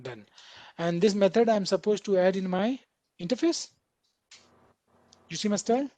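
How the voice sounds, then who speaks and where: A programming instructor, a man with a high-sitting, warm voice, teaches a live online coding class at a normal pace with no echo. He's chatty, keeps checking in with the class by asking "right?", and acts out what the code editor says.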